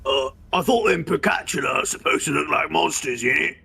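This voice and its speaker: A man reading a game aloud and voicing a hot-tempered young British man with a put-on Cockney-style accent, shouting blunt slang. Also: fairly high pitch, a little fast, creaky, husky, soft background music, heavily acted. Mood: doubtful. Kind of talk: game dialogue read aloud.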